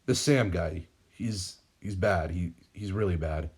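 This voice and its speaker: A man's voice: sits low, unhurried, darkish tone, slightly rough. A man voicing an earnest young male superhero, stern and worried.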